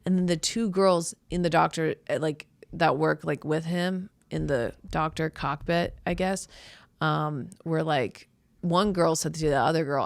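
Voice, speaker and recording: A woman's voice: fairly low pitch, measured pace, dry recording. Rambling woman comic in her thirties. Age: 30s. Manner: rambling, self-deprecating, heavy use of "like". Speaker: podcast host, comedian. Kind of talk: casual comedic monologue.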